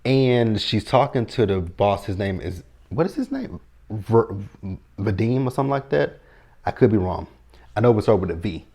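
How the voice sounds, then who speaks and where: Man in his thirties, recap host, lowish voice, blunt and cussing, loose chatty delivery. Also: sing-song, normal speed, a little mellow. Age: 30s. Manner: blunt, profane, sassy retelling. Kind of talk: casual recap chat.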